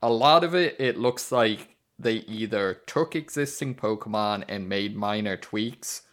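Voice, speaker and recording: A man's voice: fairly low pitch, unhurried, fairly bright tone. A man co-hosting a casual chat podcast who gives blunt opinions but hedges them. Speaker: podcast co-host.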